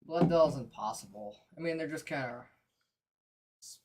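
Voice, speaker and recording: A woman co-hosting a casual chat. She is laid-back, laughs softly and adds bits of movie trivia. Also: deep voice, animated, normal speed, slight background noise. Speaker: co-host.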